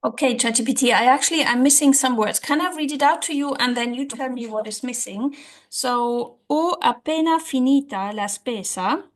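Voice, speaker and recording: Here a woman with a high voice talks fairly quickly while hosting an informal language-learning tutorial. She addresses the camera in a chatty way, thinking aloud and letting out a light laugh.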